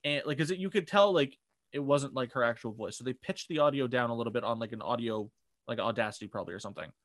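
A young man chats casually as a podcast co-host. His voice sits at a middle pitch, and the dry, close sound carries no room at all. He rambles and restarts his sentences, filling gaps with "like". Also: fast, fairly bright tone, dry recording. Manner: rambling, lots of fillers and restarts. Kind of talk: casual chat.

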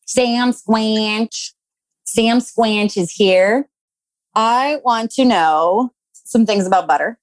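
A woman hosting a casual podcast chat over a video call, playful and quick to laugh. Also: medium pitch, no echo, rough recording. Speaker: podcast host.

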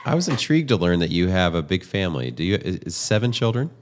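A male podcast host with a very deep, low voice keeps a casual interview moving. He encourages his guest warmly with short affirmations and open questions. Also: very animated, quick pace, slight background noise.

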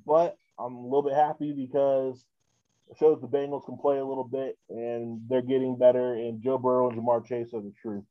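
A man's voice: medium pitch, flat delivery, brisk, dry recording, highs cut off. A man hosting a casual podcast, rambling with many fillers and restarts. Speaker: podcast host.

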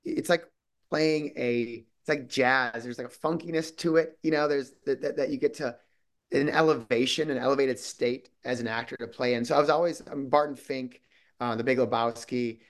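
Male guest actor, mid-pitched, loose rambling delivery full of restarts. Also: steady tone, moderate pace. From Minnesota. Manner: rambling, many restarts and quoted asides. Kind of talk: casual interview chat.

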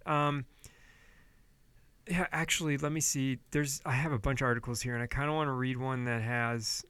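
A fired-up male podcast host with a bright, forceful voice who swears freely. He rails at his listeners, then pulls back to a calmer, apologetic tone. The sound is close and dry, with no room around it. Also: mid-range voice, normal speed, clear, resonant tone, no echo. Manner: heated, profane, swings between yelling and apologetic quiet. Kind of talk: ranting political commentary podcast.

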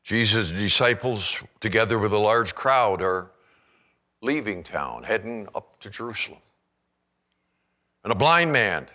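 A man pastor preaching a sermon in an animated storytelling manner, acting out scenes as he goes. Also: on the low side.

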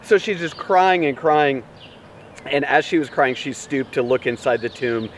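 A man preaching an Easter sermon as pastor, telling the story in an animated, dramatic way with big swings in pitch. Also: unhurried, far from the mic, slight background noise.

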